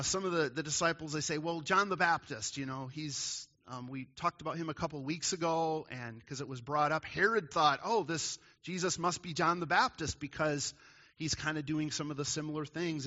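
Pastor, male, bright fairly high voice, chatty sermon delivery, dull lo-fi recording. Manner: conversational, asks the audience questions.

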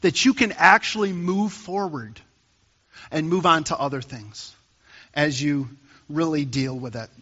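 A man's voice: a little high, unhurried, pushed and bright, in a large hall, lo-fi sound. A man preaching a sermon as pastor, telling a personal story in a conversational way with rising emphasis. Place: church.

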